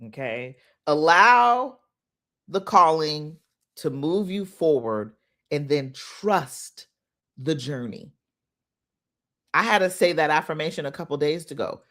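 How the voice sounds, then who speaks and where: A middle-aged woman, giving a motivational talk on a phone livestream, emotional and quick to laugh. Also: sits low, lively intonation, a bit bright. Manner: laughs often, preachy, emotional. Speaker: inspirational speaker.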